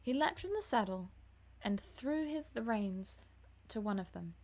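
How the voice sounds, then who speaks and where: A woman's voice: mid-range voice, lively intonation, a little slow, a little mellow. Enthusiastic woman reading a novel aloud. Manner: enthusiastic, self-deprecating asides. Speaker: audiobook reader, streamer.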